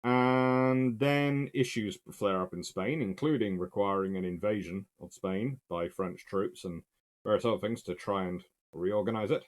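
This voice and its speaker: A man's voice: on the low side, measured pace. A man giving a casual, emphatic spoken history lecture in a conversational way.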